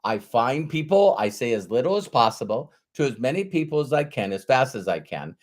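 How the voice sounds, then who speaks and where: A man's voice: mid-range voice, sing-song, a little fast. A man voicing a boastful, upbeat immigrant salesman who speaks in short, clipped, broken English.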